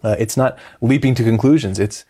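A man hosting a religious discussion, explaining in a measured way. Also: medium pitch, mellow, slightly rough.

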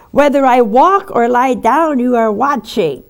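A woman preacher with a slightly high voice delivers a sermon, swinging between loud exclamations and hushed asides. She laughs often as she speaks.

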